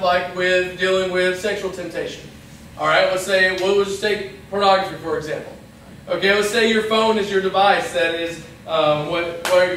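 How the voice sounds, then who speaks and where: A man preaches in a relaxed, talky way, now and then voicing short imagined lines. His voice sits high for a man. The sound is very roomy and echoey, picked up from a distance in a church hall with a faint hiss underneath. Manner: conversational, acts out little quoted lines. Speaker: pastor. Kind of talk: casual youth sermon.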